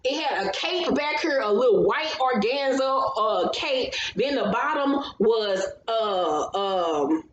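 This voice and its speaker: A woman's voice: a little high, expressive, takes it slowly, hardly any pauses, lo-fi sound, a little hiss or hum. A woman hosting a casual reality show recap, talking in a blunt, profane, gossipy way. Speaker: host of a reality TV recap channel. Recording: roomy echo.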